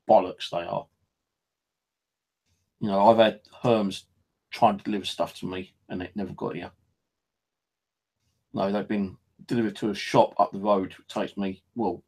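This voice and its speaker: A man's voice: a little mellow, low-quality recording. A man from the UK grumbling and swearing his way through a casual rambling monologue to viewers. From United Kingdom. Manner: grumbling, sweary, mimics phone bleeps in a high voice. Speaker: vlogger.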